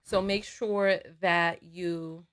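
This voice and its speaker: A woman's voice: lowish voice, fairly even intonation, drawn-out words, fairly bright tone. A woman hosting a live commentary stream, heated and indignant, repeating her words. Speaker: livestream host.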